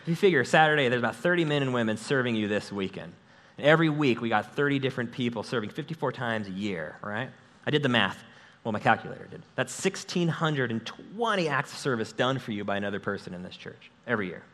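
A man preaching a sermon as pastor of his church, talking in an energetic, conversational way and joking with the congregation, speaking into a stage microphone. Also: mid-range voice, quick pace.

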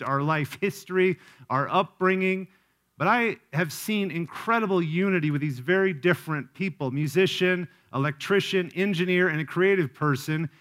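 A male pastor delivering a sermon in a somewhat high voice. He speaks earnestly and personally, often turning to the congregation with direct questions. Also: a bit bright. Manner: earnest preaching with frequent rhetorical questions.

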